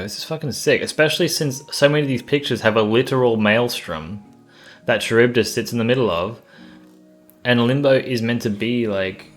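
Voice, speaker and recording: A man streaming live, chatting casually and reading lore aloud, rambling, swearing offhandedly and sounding out tricky words. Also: fairly low pitch. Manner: laid-back and swears casually.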